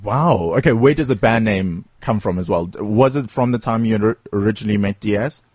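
A man's voice: fairly low pitch, normal speed, darkish tone, husky, no room sound. A male radio host interviewing a band in the studio, playful and theatrical, joking with his guests.

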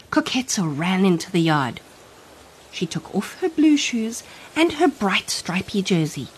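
A woman narrating a children's storybook in an expressive, animated read-aloud. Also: medium pitch, slightly rough.

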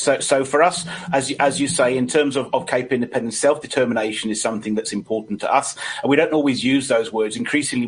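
A middle-aged British man, a political commentator, talking as a guest with many halting restarts. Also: medium pitch, breathy edge, low-quality recording. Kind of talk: radio talk show guest.

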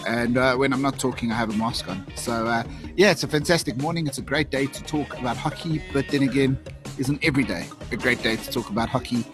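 Brief: jokey South African co-host, mid-pitched, talking from a café with clear music playing behind. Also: male voice, quick pace. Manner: jokey, upbeat, chatty. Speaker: podcast co-host. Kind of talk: casual chat. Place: busy coffee shop.

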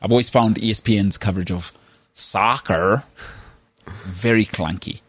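Husky South African man, opinionated chat. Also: lowish voice, quick pace, no room sound. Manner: animated, opinionated, repeats words when starting. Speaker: podcast co-host. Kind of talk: casual chat.

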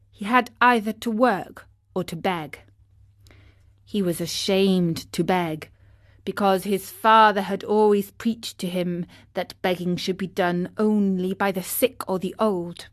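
A woman narrating a storybook for children with a clear, expressive reading. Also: medium pitch, dry recording, studio quality.

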